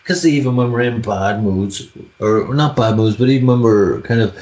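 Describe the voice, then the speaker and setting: A man's voice: lowish voice, normal speed, echoey room, dull audio. An Irish man chatting on a podcast over a video call, telling stories with laughs and the odd swear word. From Ireland. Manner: animated, laughing, swearing storyteller. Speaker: podcast co-host. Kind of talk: casual chat.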